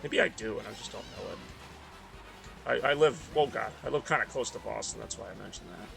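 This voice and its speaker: A man's voice: fairly low pitch, expressive, a little fast, gravelly, music in the background. A man from the Northeast US, tired and rambling in casual chat while streaming a racing game. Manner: rambling, self-deprecating, mumbly asides.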